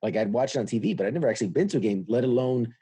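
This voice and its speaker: A man's voice: mid-range voice, racing, husky, no room sound. A middle-aged man from New York, a veteran guest telling his story candidly and acting out the dialogue he quotes. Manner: acts out quoted dialogue with lively voices.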